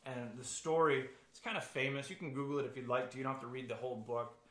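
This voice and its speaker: A man preaching a sermon, earnest and halting, with frequent restarts. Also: medium pitch, steady tone, a bit bright. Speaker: pastor. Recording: echoey room.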